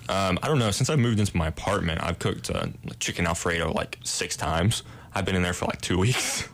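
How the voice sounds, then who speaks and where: A man's voice: low-pitched, animated, brisk, gravelly, fairly bright tone. A young man, a residence hall director, answering interview questions in a modest, self-deprecating way with easy laughs.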